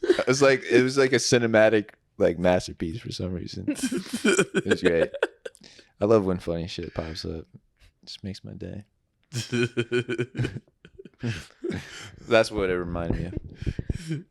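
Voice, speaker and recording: A man's voice: on the low side, measured pace, gravelly, long pauses, dry recording. A man co-hosting a podcast in casual chat, telling laid-back stories and swearing freely. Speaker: podcast co-host.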